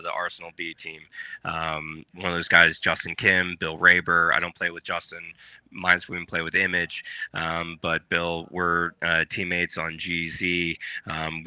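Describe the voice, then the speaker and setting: A man chatting as a podcast guest, rambling with many fillers and shout-outs. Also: sits low, clean tone, dry recording. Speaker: podcast guest, paintball player. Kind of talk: casual podcast chat.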